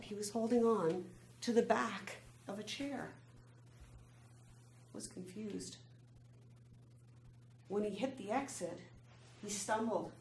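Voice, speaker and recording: Middle-aged woman, prepared speech, unhurried measured delivery, echoey room, faint noise. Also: mid-range voice, darkish tone. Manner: slow, measured storytelling with pauses. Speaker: club speaker. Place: meeting room.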